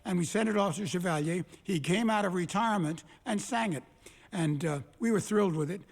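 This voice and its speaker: An older songwriter in a recording studio, telling chatty stories between songs at a solo concert. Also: male voice, sits high, a little fast. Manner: chatty storyteller who breaks into song. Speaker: songwriter performing his songs.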